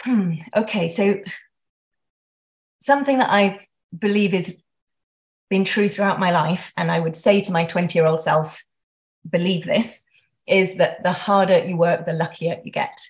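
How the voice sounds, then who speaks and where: Chatty woman, slightly low voice. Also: unhurried, long pauses. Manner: chatty, self-deprecating, frequent restarts. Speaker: guest. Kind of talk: casual interview.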